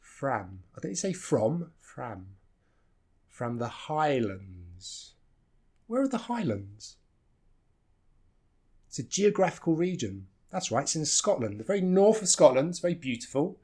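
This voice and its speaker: Male teacher, lively and husky, slow repeated modelling. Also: high voice. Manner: models phrases slowly, repeating reduced sounds. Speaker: English teacher. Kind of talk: pronunciation lesson.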